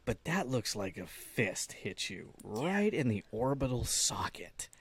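A man's voice: mid-range voice, very animated, measured pace, breathy edge. A man co-hosting a podcast, teasing his partner in a dry, joking way on a close microphone. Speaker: podcast co-host. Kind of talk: casual podcast chat.

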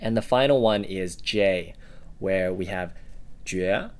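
A man co-hosting a relaxed language lesson, explaining example words with frequent ums and uhs. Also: deep voice, a little slow. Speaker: language teacher co-host. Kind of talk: casual instructional podcast.

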